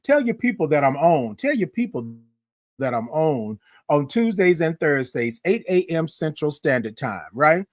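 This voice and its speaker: Lively chatty man hosting a morning show. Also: a little high, unhurried, no room sound. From Houston, Texas. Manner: lively, chatty, sings out greetings to viewers. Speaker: host. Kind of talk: live-streamed morning show chat.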